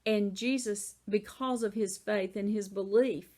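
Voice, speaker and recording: A woman's voice: medium pitch, steady tone, unhurried, warm tone. A woman with a Southern American accent teaching a Bible lesson in a casual, conversational way, often saying "you know".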